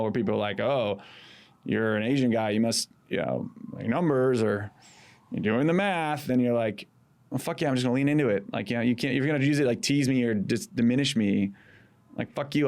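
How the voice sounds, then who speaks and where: Man, thirties, gravelly voice, mid pitch, animated storyteller, swears freely. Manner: animated storytelling, acting out quotes, frequent swearing. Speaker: guest, former campaign manager. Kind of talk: casual podcast chat.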